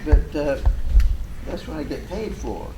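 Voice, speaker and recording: A man's voice: fairly high pitch, big pitch swings, measured pace, gravelly, background noise. A man conducting a band rehearsal, counting off beats, scatting rhythms and making fussy, precise corrections. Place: rehearsal room with band playing. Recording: loud band music behind.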